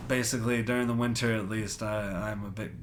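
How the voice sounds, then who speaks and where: A man's voice: fairly low pitch, steady tone, brisk, a little hiss or hum. A young man co-hosting a podcast, telling rambling, laugh-filled stories and swearing freely. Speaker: podcast co-host. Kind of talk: casual storytelling chat.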